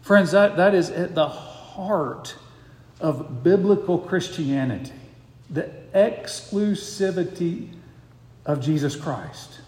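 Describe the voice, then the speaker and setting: A fairly high-voiced man preaching a verse-by-verse sermon as pastor. He is earnest and emphatic, driving his points home with pointed rhetorical questions. His voice rings through a roomy church sanctuary with a long, lingering reverb. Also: expressive, slow, a little mellow. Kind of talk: expository sermon. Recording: echoey hall with long reverb.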